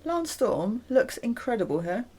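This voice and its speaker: Female co-host, expressive pitch, wry teasing banter. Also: breathy edge. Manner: wry, teasing, quick to laugh. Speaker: podcast co-host. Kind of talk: casual chat.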